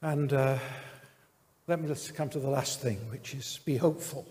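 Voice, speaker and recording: A man preaching a sermon in an earnest, measured way, with pauses and fillers. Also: mid-range voice, steady tone, darkish tone, big-room sound.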